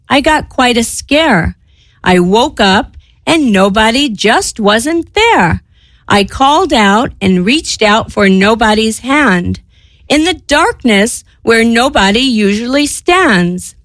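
A woman reciting a children's poem in a gentle, measured way. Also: a little high, very animated, no room sound.

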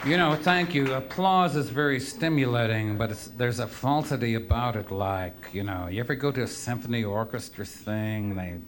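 A man's voice: medium pitch, normal speed, few pauses, a crowd in the background. A man telling rambling, profane stories to a live audience with a wry, offhand manner. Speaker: storyteller performing for an audience. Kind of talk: live spoken storytelling.

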